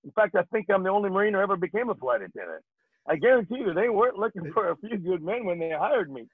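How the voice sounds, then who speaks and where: A man's voice: high-pitched, fast talker, husky, no room sound. An older man, a guest actor, telling jokey stories in a casual interview. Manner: jokey, animated storyteller. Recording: dry tinny phone-like sound.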